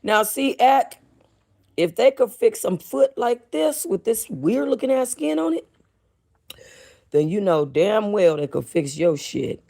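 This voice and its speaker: A woman from North Hollywood hosting a casual livestream, tired and giving loud, profane commentary full of laughter. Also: mid-range voice, big pitch swings, measured pace, gravelly. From North Hollywood, California. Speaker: livestream host.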